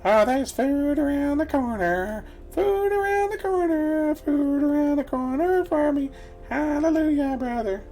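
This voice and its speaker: A tiny cartoon flea sings along in a squeaky, sky-high voice. The delivery is slow and drawn out, a cheerful sing-song with a thin, strange timbre unlike a normal speaking voice. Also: male voice, a little mellow, faint music behind, poor audio. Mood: gleeful singing.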